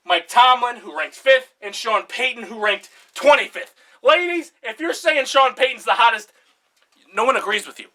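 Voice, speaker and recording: A young man giving a mock-serious comedic presentation, passionate and out of breath, bursting into shouts. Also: sits high.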